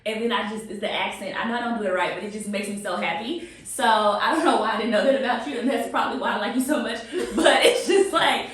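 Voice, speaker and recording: A woman with a fairly high voice runs an enthusiastic interview on her video podcast, recorded in an office room with an echo. She talks fast with few pauses, effusively rambling through her guest's introduction and conversation, while soft music plays in the background.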